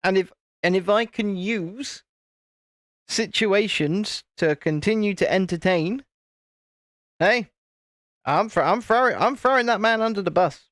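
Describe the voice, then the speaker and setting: A man's voice: sits high, measured pace, pauses often, a bit bright, no room sound, studio quality. A man, hosting a casual live stream, chatting and teasing while he builds a model. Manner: chatty, teasing, self-deprecating.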